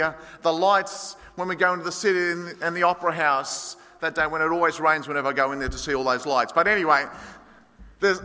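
A man preaching an expository sermon, storytelling with dramatic swings between loud and hushed delivery. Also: sits high. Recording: long hall reverb.

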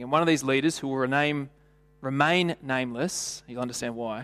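A man's voice: medium pitch, fast talker, fairly bright tone. A man preaching a sermon in a church, conversational and full of rhetorical questions and stories. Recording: long hall reverb.

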